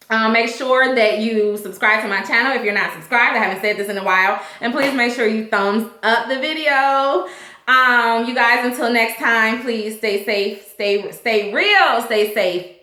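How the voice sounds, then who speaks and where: Woman vlogger with features, talks straight to her audience, slightly high bright voice, echoey home setup. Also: a little hiss or hum. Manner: chatty, animated, addresses viewers directly. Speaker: YouTube TV recap host. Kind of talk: casual vlog recap.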